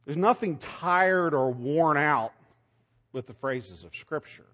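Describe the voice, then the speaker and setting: A man preaching a sermon, emphatic, asking rhetorical questions and swinging between loud lines and soft ones. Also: fairly high pitch, lively intonation, slow. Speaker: pastor.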